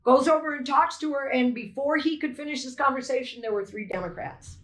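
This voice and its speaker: Indignant older woman, high voice. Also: fairly quick, a bit bright, slight background noise. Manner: emphatic, indignant, retells events as dialogue. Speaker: poll challenger giving a witness statement. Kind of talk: emotional first-hand testimony. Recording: echoey room.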